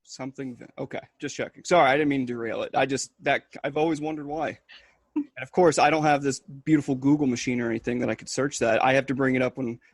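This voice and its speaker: A man's voice: medium pitch, steady tone, fast talker, no room sound, studio quality. A man co-hosting a podcast, chatting casually with a teasing, joking manner. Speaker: podcast co-host.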